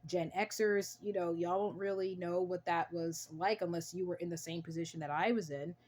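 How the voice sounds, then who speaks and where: A young American woman hosts her own channel, talking casually to camera in an earnest, emphatic way and often repeating herself for emphasis. Her voice is fairly low and a little mellow, with fairly even intonation at normal speed.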